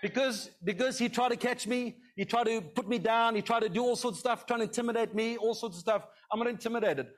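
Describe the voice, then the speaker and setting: High-voiced male pastor preaching. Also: fast, hardly any pauses. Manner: conversational, repeats "okay?" to the congregation. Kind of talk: sermon.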